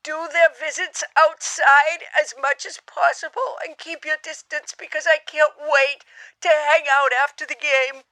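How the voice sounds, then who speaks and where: A woman voices an earnest, clingy superfan caller. She sounds high and bright, in a dry close recording. She turns solemn when she quotes literature. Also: level tone, a little slow, dry recording, low-quality recording.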